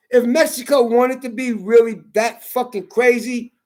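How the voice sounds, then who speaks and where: A woman vlogger delivering an angry, profane political rant to camera, taunting and repeating herself, rising to shouts at times. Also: on the high side, fairly even intonation, moderate pace. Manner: profane, confrontational, repetitive taunting.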